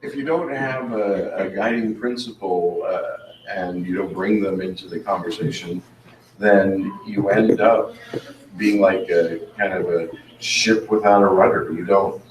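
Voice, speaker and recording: A man's voice: deep voice, fairly even intonation, unhurried. A man in the audience answering a presenter's question, explaining his point thoughtfully. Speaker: audience member. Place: conference room. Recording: distant mic in an echoey room with noise.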